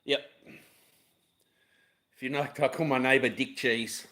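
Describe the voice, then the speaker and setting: A man's voice: medium pitch, steady tone, unhurried, pauses often, pushed and bright. A man hosting a casual live-stream cooking chat, rambling along, talking to himself and his viewers with cheeky jokes. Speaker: fishing channel host. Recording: echoey room.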